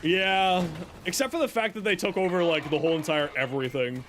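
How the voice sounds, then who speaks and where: A man's voice: high-pitched, fairly quick, a bit bright, slight background noise. A young man streaming a video game, chatting casually with his viewers, reacting to chat and teasing them. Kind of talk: casual live-stream chat while gaming.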